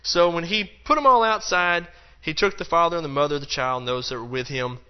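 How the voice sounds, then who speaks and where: A man's voice: fairly high pitch, a little fast, clean tone, muffled recording. A man teaching a Bible lesson in a loose, conversational way, acting out the quotes and dropping in plenty of fillers. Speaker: preacher.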